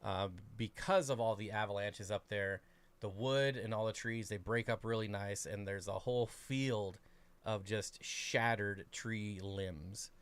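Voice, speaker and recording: A man with a fairly low voice chats loosely on a fishkeeping livestream. He rambles along, filling the gaps with "uh" and "um". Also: measured pace, clean tone. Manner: relaxed, rambling, lots of fillers. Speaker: co-host of an aquarium livestream. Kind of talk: casual livestream chat.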